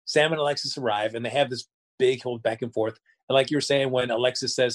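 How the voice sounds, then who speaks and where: A man's voice: medium pitch, moderate pace. A man co-hosting a casual recap chat, easygoing and mildly exasperated. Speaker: show co-host.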